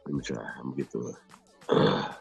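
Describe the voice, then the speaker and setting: A man's voice: rumbling low, gravelly, darkish tone, slightly rough. A man hosting a live stream, reading a text aloud and often breaking into mocking laughter and swearing.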